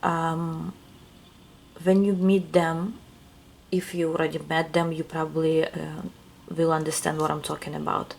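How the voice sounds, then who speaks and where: Woman, non-native English accent, tarot reader, slightly low voice, musing and unhurried. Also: level tone, creaky. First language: not English. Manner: musing, searching for words. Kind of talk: casual tarot reading.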